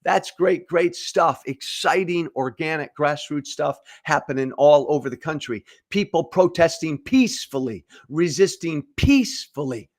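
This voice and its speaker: A man's voice: a little high, animated, unhurried, hardly any pauses. A middle-aged man hosting a political commentary show, speaking emphatically, with repeated phrases and stammered restarts. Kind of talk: direct-to-camera political commentary.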